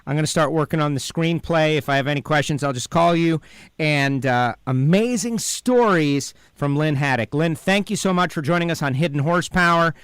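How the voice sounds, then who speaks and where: Upbeat teasing podcast host, higher voice. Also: male voice, normal speed, fairly bright tone, smooth, no echo. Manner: upbeat, enthusiastic, playfully teasing. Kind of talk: podcast interview.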